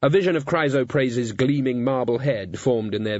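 A man reading a comic fantasy novel aloud in scripted narration, dry and even. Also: medium pitch, normal speed, no room sound, lo-fi sound. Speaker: audiobook narrator.

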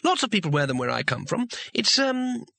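A man voicing a naive, polite little male tourist in a storybook reading, talking brightly and a bit hesitantly. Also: sits high, sing-song, fairly quick, gravelly, dry recording, voice pushed up, full character voice. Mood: earnest.

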